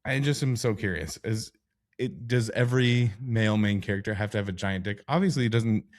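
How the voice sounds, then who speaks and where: Frank, joking middle-aged man on a podcast. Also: brisk. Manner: frank and joking, voice jumps high when incredulous. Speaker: podcast co-host. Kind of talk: casual book club chat.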